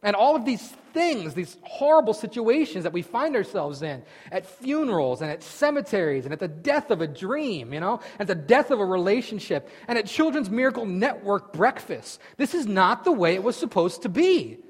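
Male pastor, sermon, husky voice, long hall echo, animated storytelling. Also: high voice, moderate pace, hardly any pauses. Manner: animated storytelling, acting out scenes, swings from loud to hushed.

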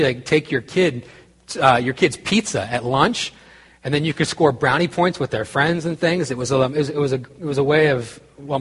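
A husky-voiced man preaches in a loose, storytelling way, often stopping and restarting his sentences. His voice carries a long reverb from a large hall. He turns quiet and earnest as the sermon goes on. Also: on the high side. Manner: conversational, self-interrupting, grows quiet and earnest. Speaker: pastor.

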